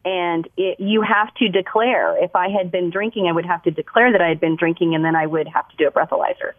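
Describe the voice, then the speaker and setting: A woman's voice: on the low side, fast talker, dry recording. A woman calling in to a radio show, speaking earnestly and agreeably. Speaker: radio caller. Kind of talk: phone-in call. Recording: tinny phone line.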